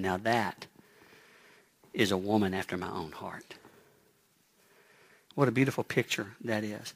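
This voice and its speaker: A male pastor preaching a sermon, animated, often dropping to a soft hush on key phrases and repeating words as he builds a point. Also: mid-range voice. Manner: lively preaching, acts out quoted voices.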